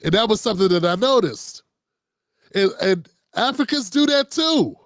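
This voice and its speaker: A man's voice: high voice, expressive, moderate pace, a bit bright, dry recording, clean studio sound. A man hosting unscripted political commentary, talking casually and riffing, slipping into quoted voices.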